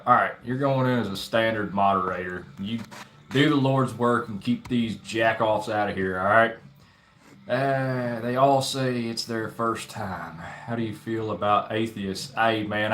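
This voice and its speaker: A man's voice: medium pitch, pushed and bright. A young man hosting a casual livestream, rambling with lots of fillers and swearing while reading chat aloud. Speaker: livestream host. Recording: roomy echo.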